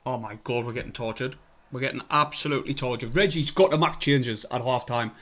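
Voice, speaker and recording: A young man, commenting live on a match for his stream. He swears a lot, mutters under his breath and breaks into excited bursts. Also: mid-range voice, a little fast. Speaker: fan livestream host.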